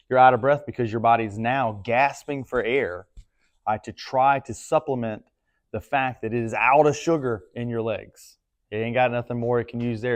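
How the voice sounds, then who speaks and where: A man coaching a class in a gym, talking casually and checking in with frequent questions. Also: medium pitch. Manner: casual, asks the group questions often. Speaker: strength coach.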